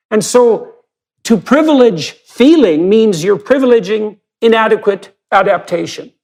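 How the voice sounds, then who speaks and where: High, gravelly-voiced male podcast host. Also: mellow. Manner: emphatic, rhetorical, builds arguments step by step. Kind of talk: long-form podcast conversation.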